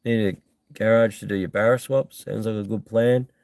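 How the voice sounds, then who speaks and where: Australian man, live-stream host, casual blunt chat, rough creaky voice, dry close sound. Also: fairly low pitch, fairly even intonation, moderate pace, a little mellow, dry recording. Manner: blunt, laid-back, reads viewer comments aloud with many ums.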